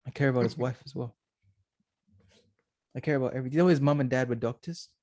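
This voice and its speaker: Young man, podcast co-host, joking banter, mid-pitched voice, dry close recording. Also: racing, a little mellow, no room sound. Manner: joking, playful, chatty. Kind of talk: casual chat.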